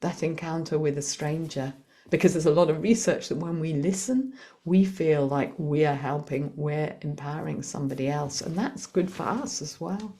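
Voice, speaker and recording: A woman, a podcast guest speaking in a lively, conversational way, in quick bursts while she tells a story. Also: low voice. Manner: animated, acts out quoted voices, quick bursts. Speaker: guest, author and executive coach.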